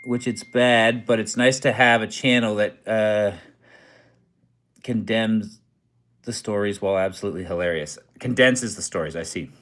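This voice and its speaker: A tired young man from Canada chats casually on a livestream from a hotel room, his voice sitting on the low side. He rambles with plenty of fillers and pokes fun at himself as he answers viewers' comments. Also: steady tone, fairly quick, hardly any pauses, a bit bright. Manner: loose, self-deprecating, rambling with many fillers. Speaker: true crime comedy channel host.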